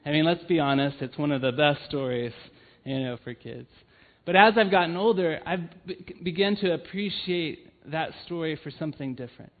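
A fairly high-pitched man delivers a sermon at a moderate pace, sharing personal stories with real earnestness and many "um"s along the way. He serves as a family ministry leader at a church, and the recording sounds tinny, like a phone.

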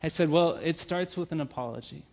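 This man's voice sits on the high side, with vocal fry and a slightly quick pace. A family ministry leader at a church, he preaches by sharing personal stories in an earnest way, often saying "um," over thin, phone-like audio.

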